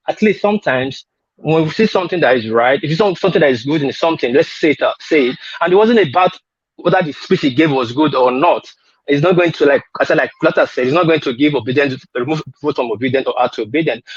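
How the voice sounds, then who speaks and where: A man's voice: a little high, breathy edge, no echo. A man talking heatedly on an online panel, insistent and repetitive, pressing his point over interruptions. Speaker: panel guest. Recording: lo-fi call audio.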